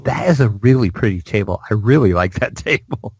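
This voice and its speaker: A man's voice: on the low side, lively intonation, a little fast, darkish tone, husky, no room sound, rough recording. A man co-hosting a gaming news podcast, chatting casually and rambling with plenty of fillers. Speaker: podcast co-host.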